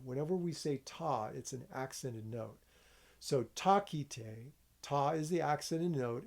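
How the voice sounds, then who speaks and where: A man with a gravelly edge to his voice teaches a rhythm lesson at an easy pace. He walks his students through each step and counts out loud, stopping often to check that they follow. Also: medium pitch. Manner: relaxed, explains step by step, checks in with "okay?". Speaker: music teacher.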